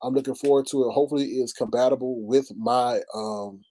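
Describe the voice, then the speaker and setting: Animated man venting on a livestream. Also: brisk. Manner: animated storytelling with big pitch swings and exclamations. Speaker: livestream host. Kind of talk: casual venting livestream chat. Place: at home by a computer, streaming live.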